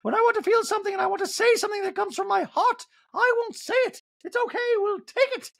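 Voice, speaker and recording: A man putting on a shrill, wounded grown woman. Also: fast, gravelly, fairly bright tone, exaggerated voice. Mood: shrill pleading. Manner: very high, strained, pleading.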